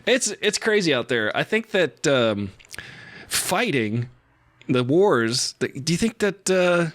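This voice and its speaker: A man's voice: fairly high pitch, sing-song, slow pace, a bit bright, no echo. A man co-hosting a comedy podcast, chatting casually and laughing often. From United States. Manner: laughs a lot, jokey. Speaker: podcast co-host.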